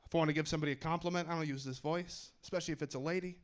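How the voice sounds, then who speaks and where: Young male stand-up comic, fairly high voice, wry and self-deprecating. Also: fairly even intonation, racing. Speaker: stand-up comedian. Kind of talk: stand-up comedy set. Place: comedy club stage in New York.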